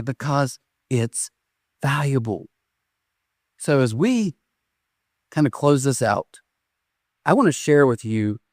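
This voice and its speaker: A man in his forties, a pastor, preaching a sermon with lively storytelling that swings between raised, excited phrases and quiet, soft endings. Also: medium pitch, no echo, studio quality. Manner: animated storytelling with sudden rises and soft drops. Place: church stage.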